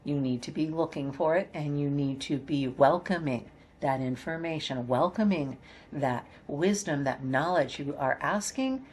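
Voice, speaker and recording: Low-pitched woman, card reader, reassuring and repetitive, talks straight to viewers. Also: measured pace, darkish tone, slightly rough. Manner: encouraging, coaxing, repeats phrases. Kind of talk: spiritual guidance talk to viewers.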